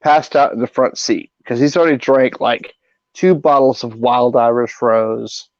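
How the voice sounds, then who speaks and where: A man's voice: medium pitch, fairly even intonation, unhurried, dry recording. Profane middle-aged man telling stories. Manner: profane, rambling anecdotes. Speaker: podcast host. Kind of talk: casual storytelling. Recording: dull lo-fi audio.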